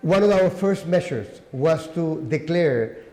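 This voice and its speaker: Man, halting panel remarks, roomy echo on the voice. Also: on the high side, expressive, mellow. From Chile. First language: Spanish. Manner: halting, frequent uhs. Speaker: regional governor, panelist.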